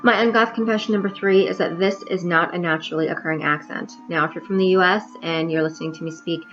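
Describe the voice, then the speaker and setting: A woman's voice: lowish voice, steady tone, quick pace, soft background music. Blunt, wry woman vlogger, lo-fi. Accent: neutral American, trained. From New York, US. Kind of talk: confessional vlog monologue.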